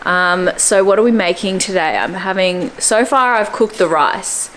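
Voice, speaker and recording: A woman's voice: unhurried, fairly bright tone, a little hiss or hum. Chatty young woman vlogging at home. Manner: chatty and upbeat, drifting into squeaky baby talk for her dog. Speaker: fitness vlogger. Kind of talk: casual vlog chat to camera.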